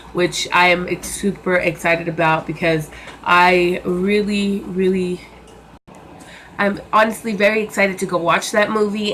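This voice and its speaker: A woman's voice: lowish voice, a bit bright, slight background noise. A young woman reviewing a movie in a casual vlog, chatty and enthusiastic, with many fillers and repeated words.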